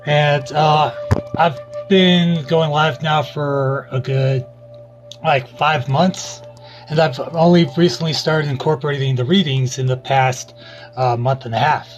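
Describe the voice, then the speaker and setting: A man with a fairly high voice chats casually as a live-stream co-host and tells stories with lively acted-out quotes. Soft music plays behind him throughout. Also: measured pace, highs cut off. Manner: animated storyteller acting out quotes. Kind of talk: casual chat.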